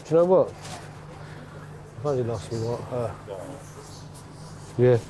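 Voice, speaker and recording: A man's voice: mid-range voice, measured pace, background noise. A man, a psychiatric inpatient out on leave, talking casually and constantly adding "you know what I mean". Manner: chatty, peppers talk with "you know what I mean" and laughs. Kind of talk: casual chat while out and about.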